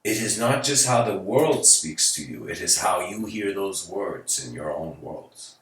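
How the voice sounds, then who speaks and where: A man's voice: low-pitched, expressive, measured pace, a bit bright, far from the mic. A man giving a casual, live-streamed spiritual talk, searching for words and laughing between thoughts. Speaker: spiritual speaker. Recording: roomy sound from away from the mic.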